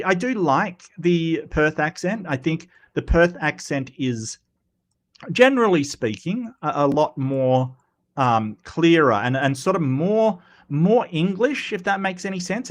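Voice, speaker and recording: A man's voice: a little high, lively intonation, a little slow. Rambling Australian man on a livestream. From Western Australia. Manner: rambling, many ums and restarts. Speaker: livestream host. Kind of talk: casual livestream chat reading comments.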